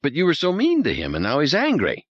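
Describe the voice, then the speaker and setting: A man voicing a nervous, frightened male mathematician who talks in a higher, anxious, pleading way. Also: huge pitch swings, fast, no echo, lo-fi sound.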